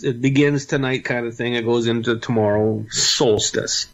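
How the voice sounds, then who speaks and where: A man's voice: mid-range voice, steady tone, fairly quick, a little mellow, dull audio. A Canadian man co-hosting a radio talk show, explaining in a matter-of-fact way. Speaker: healer and show co-host. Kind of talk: casual radio chat.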